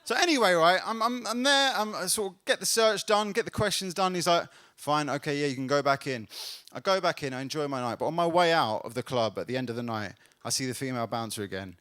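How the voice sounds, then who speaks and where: A man performing a stand-up comedy set on a club stage, telling a story and building to loud laughs. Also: fairly high pitch, quick pace, hardly any pauses, clear, resonant tone.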